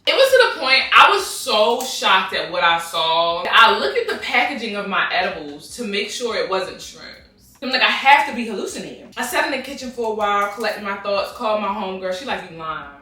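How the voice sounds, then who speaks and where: A woman, telling a casual storytime to camera in a slangy, animated way and jumping into high voices when she quotes people. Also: a little fast, far from the mic. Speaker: storytime vlogger. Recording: echoey room, mic set back.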